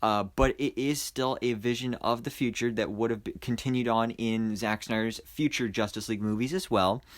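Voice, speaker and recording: Talking at a moderate pace with few pauses, a young man rambles through an excited, casual movie review full of spoilers, fillers and restarts. His voice is mid-range with a steady tone.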